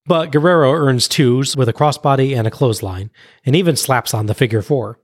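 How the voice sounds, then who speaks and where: A man on a podcast recapping a wrestling match blow by blow in a brisk play-by-play recounting. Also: medium pitch, no echo, studio quality. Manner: brisk play-by-play recounting, laughs at own jokes. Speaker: podcast co-host.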